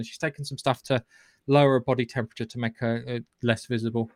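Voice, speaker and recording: A man's voice: mid-range voice, steady tone, fast, no echo, clean studio sound. A man hosting a podcast, retelling a film in a rambling, swearing, casual way with lots of restarts. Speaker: podcast host. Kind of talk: casual film recap chat.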